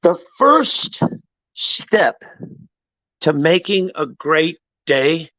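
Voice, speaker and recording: High-voiced preachy motivational man. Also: very animated, extremely slow, bright, forceful tone, no room sound, highs cut off. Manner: preachy and emphatic, swears freely. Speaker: motivational livestreamer. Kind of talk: live-streamed motivational talk.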